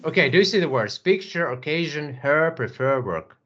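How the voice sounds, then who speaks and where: A man's voice: a little high, lively intonation, a bit bright. Guy teaching english to one student, patient, says everything twice, kinda dull lo-fi audio. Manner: patient, repeats words slowly, many fillers. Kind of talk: online English lesson.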